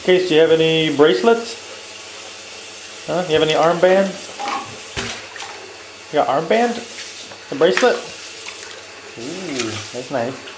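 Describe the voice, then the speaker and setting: A man's voice: on the high side, a little slow, pauses often, noisy background. A man, a father, playfully teasing and questioning his toddler during bath time. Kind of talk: home video chat with a toddler. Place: tiled bathroom beside a filling bathtub. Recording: echoey bathroom with running bath water.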